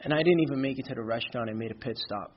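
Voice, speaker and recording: A man's voice: mid-range voice, racing, slightly rough, muffled recording. Candid New man sharing his story. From Brooklyn, New York. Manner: candid, rambling, peppered with "you know". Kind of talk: personal testimony at a recovery meeting.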